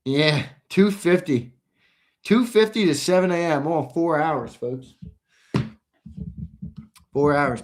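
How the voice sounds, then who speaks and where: A man's voice: a little high, slow pace, long pauses. Chatty American man hosting a fan show. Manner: loose, chatty, reads viewer comments, bursts into shouting. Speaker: host. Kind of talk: live sports talk stream.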